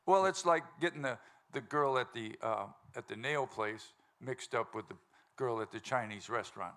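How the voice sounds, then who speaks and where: A man's voice: mid-range voice, moderate pace, a bit bright. A man hosting a live music show, chatting and joking loosely with a laughing crowd from the stage. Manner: joking, rambling, laughs often. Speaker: show host and band singer. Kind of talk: casual stage banter before a live audience.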